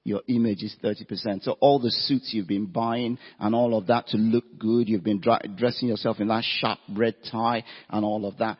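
A man's voice: on the low side, steady tone, normal speed, hardly any pauses, breathy edge. A man giving an evening seminar talk with slides, firing rhetorical questions at his audience and stressing his points. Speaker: career talk speaker. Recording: echoey hall, dull lo-fi sound.

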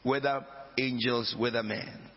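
A man's voice: mid-range voice, steady tone, unhurried. A man preaching a sermon as pastor, emphatic, with dramatic rises and drops in his voice. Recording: dull lo-fi recording with long hall reverb.

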